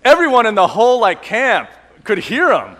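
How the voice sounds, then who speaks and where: Male pastor with a cold, animated sermon, long church-hall reverb. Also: extremely high pitch. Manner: lively preaching, slowing to stress key lines. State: has a cold.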